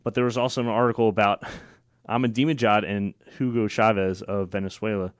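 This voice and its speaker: Guy hosting a political talk show, lowish voice, dry close sound, opinionated and sarcastic. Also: fairly even intonation, a little fast, no room sound. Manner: opinionated, sarcastic, frequent fillers and restarts. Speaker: radio show host.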